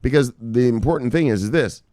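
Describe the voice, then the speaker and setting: A man's voice: medium pitch, brisk, mellow, no room sound, studio quality. A man hosting crypto news, ranting with casual profanity and lots of fillers. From United States.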